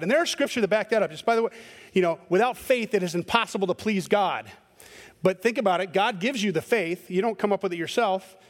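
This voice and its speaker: A male pastor giving a sermon in a conversational way, telling stories with animation. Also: high voice. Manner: conversational preaching with animated storytelling.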